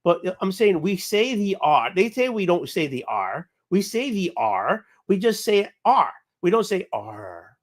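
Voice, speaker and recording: A man's voice: sits high, big pitch swings, moderate pace, few pauses. A man in casual chat, emphatic and insistent when arguing a point.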